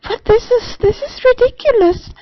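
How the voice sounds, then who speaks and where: A trans man putting on a ridiculously high, squeaky falsetto, like an innocent kitty, in a dull, dry lo-fi recording. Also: normal speed, dry recording.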